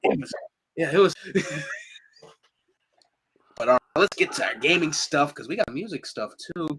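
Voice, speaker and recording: Man, podcast co-host, casual chat, lively pitch, laughs a lot. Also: a little slow, slight background noise, rough recording. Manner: laughs often, animated.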